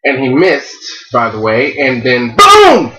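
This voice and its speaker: A man's voice: medium pitch, huge pitch swings, takes it slowly, pushed and bright, roomy sound, faint music behind, low-quality recording. A man co-hosting a casual wrestling review, blunt and profane. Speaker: wrestling show co-host.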